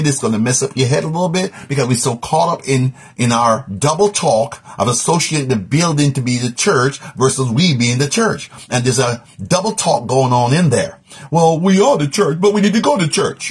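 A man's voice: medium pitch, expressive, fairly quick, few pauses, husky. A man teaching a live Bible study, emphatic, repeating key words and asking rhetorical questions.

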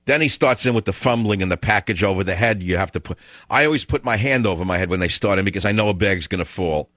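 A man's voice: lowish voice, a bit bright, no room sound. A man hosting a talk radio show, delivering a sarcastic, digressive rant in an opinionated monologue. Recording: dull dry studio broadcast sound.

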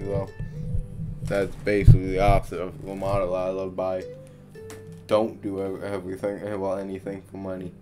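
A gaming YouTuber with a low-pitched, darkish voice gives casual gameplay commentary. Tired and grumbling, he talks to himself and swears often.

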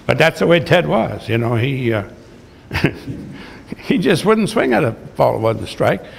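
Gravelly and mid-range, a retired baseball manager's voice is very animated yet unhurried as he entertains a large hall. The older man spins blunt, salty, folksy anecdotes in an echoey recording with slight background noise.

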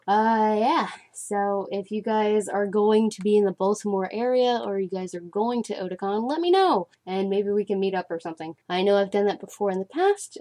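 A young woman chatting casually to her viewers in a voice-over. She rambles, laughs often, and breaks off now and then to scold her cat in high-pitched bursts. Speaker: art channel creator. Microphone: desktop mic, recording audio at home. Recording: faint background music. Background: soft background music.

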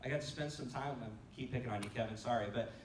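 A man preaching at a church conference, telling personal stories with lively quoted voices and laughing asides. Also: medium pitch, rapid-fire. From United States. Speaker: pastor. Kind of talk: conference sermon. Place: church sanctuary. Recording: echoey church hall from far off, faint noise.

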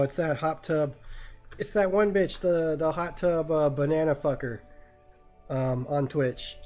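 A man's voice: on the high side, mellow. A man streaming a game live, joking crudely and swearing as he plays. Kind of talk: live gameplay commentary.

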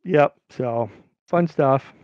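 A middle-aged man telling a story in casual chat, acting out quoted voices in a higher pitch. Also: extremely slow, a little mellow, clean tone, dry recording. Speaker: podcast guest. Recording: dry, dull lo-fi sound.

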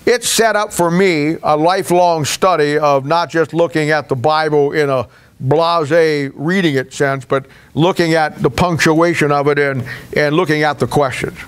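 A man's voice: fairly high pitch, fairly even intonation, normal speed, smooth. A man pastor preaching a sermon in a folksy, conversational way, with hesitations.

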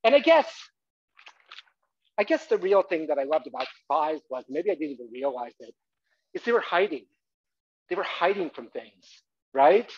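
On a theatre stage, a man delivers a playful autobiographical comedy monologue, urging the crowd to take part. His fairly high, breathy voice moves at a moderate pace with long pauses, and his animated delivery erupts into loud shouts. The live recording sounds dull and lo-fi.

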